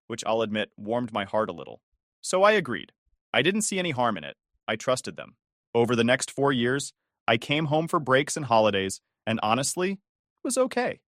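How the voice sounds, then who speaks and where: A man narrates a first-person story in a steady, scripted read. His pitch moves up and down a lot, and the sound is close and dry, with no room around it. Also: no echo.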